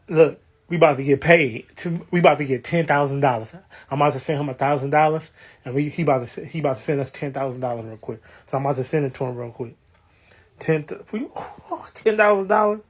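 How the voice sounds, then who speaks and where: Excitable man rambling into his phone. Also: on the high side, slightly rough. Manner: excited, rambling, repeats himself. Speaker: man filming himself. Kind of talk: casual selfie narration.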